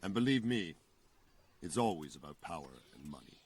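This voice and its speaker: An actor playing a weary middle-aged knight in a game, speaking in a grave, cynical way with a husky voice. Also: male voice, low voice, sing-song, normal speed, full character voice.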